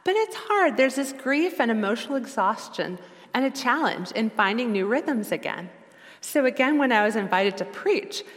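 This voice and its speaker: A middle-aged woman giving a sermon as a lay preacher, earnest and reflective, slowing down for quoted scripture. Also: mid-range voice, a bit bright, in a large hall.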